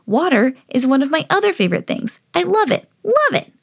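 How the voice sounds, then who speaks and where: A woman's voice: sits high, fast, creaky, slightly rough, voice pushed up, full character voice. A woman reading a children's storybook aloud as a lovable, eager female pet dog. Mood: earnest. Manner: earnest storybook reading, rising excitedly.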